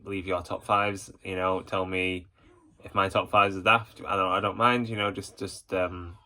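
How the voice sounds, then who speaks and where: A man's voice: deep voice, little pitch movement, normal speed, bright, forceful tone. A man hosting a casual ranking vlog, talking as an enthusiastic fan in a rambling way, full of hesitations and "you know". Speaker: YouTube channel host.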